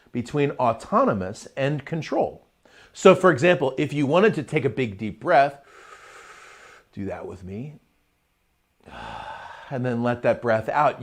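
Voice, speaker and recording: A middle-aged man talks energetically on a live stream, his pitch swinging widely as he builds up to a point and then drops back down. He sounds chatty and relaxed, breaking off to greet viewers in the chat. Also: husky. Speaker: host of a live motivational show. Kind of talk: live-streamed motivational talk.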